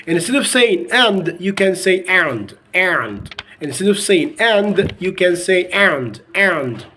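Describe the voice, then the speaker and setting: Egyptian man, English teacher, high lively voice, slow drilling delivery. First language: Arabic. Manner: slow, emphatic, repeating words for drill. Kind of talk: online English pronunciation lesson.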